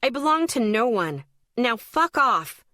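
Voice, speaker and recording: A woman's voice: mid-range voice, a little slow, dry recording, lightly acted. A woman voicing a sarcastic, hot-tempered teenage girl who snaps back in an audiobook. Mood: defiant. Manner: sarcastic, snappy.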